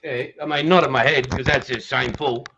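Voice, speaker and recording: A man's voice: mid-range voice, steady tone, brisk, vocal fry, sharp tone, slightly rough. Chummy Australian man over a dull line. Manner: laid-back and chummy, calls people mate, fills with um. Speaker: guest, YouTube scale-model channel host. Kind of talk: casual chat on a livestream.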